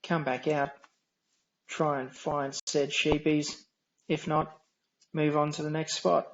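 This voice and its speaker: An Australian man with a nasal, droning voice, giving dry, wry, unhurried commentary while streaming a game. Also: a little high, level tone, lo-fi sound, slight background noise. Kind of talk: casual gameplay commentary.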